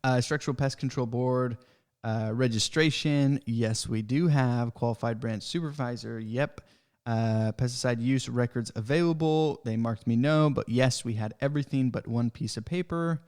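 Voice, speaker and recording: Man, podcast host, casual rant, frustrated, worked up, middle pitch. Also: moderate pace, a little mellow. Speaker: pest control business owner, podcast host.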